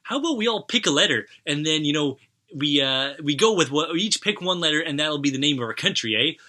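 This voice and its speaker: A man voicing a folksy male Canadian explorer in a told joke, chummy and ending with a drawn-out "eh". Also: fairly high pitch, expressive, pushed and bright, pitched above the performer's own voice. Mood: eager.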